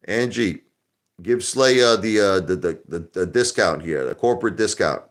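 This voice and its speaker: Deep voiced new guy on a live stream, rambly, jokey, loud one minute then quiet. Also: expressive, a little slow. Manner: loud, joking, rambling, swings into soft somber tones. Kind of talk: casual live-stream chat.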